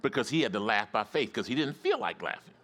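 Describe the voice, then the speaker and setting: A man's voice: lowish voice, big pitch swings, fast, fairly bright tone. A male pastor preaching a sermon, emphatic and calling out to his congregation for responses.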